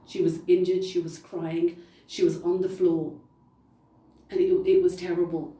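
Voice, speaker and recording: A woman's voice: on the low side, level tone, a little slow, dark tone. Woman preaching in an echoey room. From United Kingdom. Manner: storytelling with emphatic repetition. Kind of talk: testimony sermon. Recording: roomy echo, distant mic.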